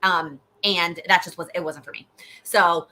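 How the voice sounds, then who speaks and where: Bright-voiced woman hosting a chatty live Q&A. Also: fairly low pitch, steady tone, a little slow. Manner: chatty, frequent restarts and "like" fillers. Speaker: host, goal-setting coach. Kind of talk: live Q&A chat.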